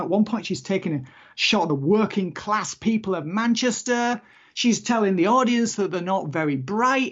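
Exasperated man, muffled audio. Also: high voice. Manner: exasperated, rambling, emphatic. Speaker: podcast co-host. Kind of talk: casual chat.

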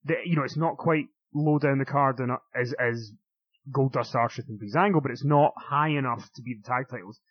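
A man co-hosting a casual wrestling chat, chatty and quick to laugh, often stumbling over his words. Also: medium pitch, breathy edge, no room sound. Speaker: wrestling podcast co-host. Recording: dull lo-fi dry sound.

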